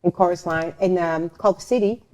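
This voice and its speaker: A middle-aged woman with a foreign accent, a guest in a casual interview, telling stories with animated energy and quick shifts into voices of other people. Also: lowish voice. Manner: animated storytelling, acts out quoted voices. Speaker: interview guest, actress and former dancer.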